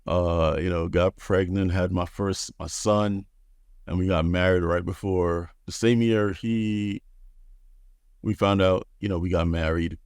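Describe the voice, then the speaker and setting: A man's voice: low-pitched, steady tone, a little slow, a little mellow, no room sound, studio quality. A man in his thirties, a podcast guest telling his story in a laid-back, frank way, swearing freely. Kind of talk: casual storytelling.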